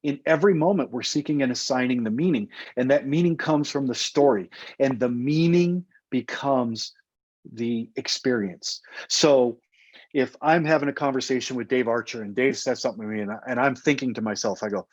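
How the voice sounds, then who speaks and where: A male coach giving an energetic online talk, emphatic and blunt, with casual swearing and acted-out quotes. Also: medium pitch, moderate pace, no echo, highs cut off. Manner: acts out quoted voices. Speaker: motivational coach and speaker.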